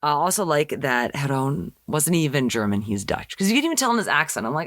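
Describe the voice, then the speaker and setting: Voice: mid-range voice, big pitch swings, fairly quick, few pauses, fairly bright tone, no room sound, studio quality. A young adult podcast host recapping a TV episode in a chatty way with sarcastic asides.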